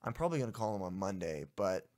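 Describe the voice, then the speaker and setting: A man's voice: low-pitched, big pitch swings, quick pace, darkish tone. A young adult man co-hosting a casual podcast, telling a story in an exasperated, ranting way. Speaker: podcast co-host.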